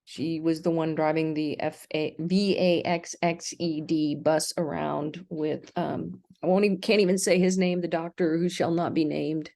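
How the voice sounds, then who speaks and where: A woman's voice: sits low, fairly even intonation, normal speed, vocal fry, hardly any pauses, darkish tone. A middle-aged American woman delivering a rambling, indignant vlog rant, full of ums and restarts. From United States. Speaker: vlogger. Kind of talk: ranting livestream monologue.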